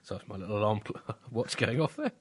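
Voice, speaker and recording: Dry, wry comic cohost. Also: male voice, lively intonation, quick pace, slightly rough. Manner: dry, ironic, swings between bright and low asides. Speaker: comedy podcast co-host. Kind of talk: satirical comedy chat.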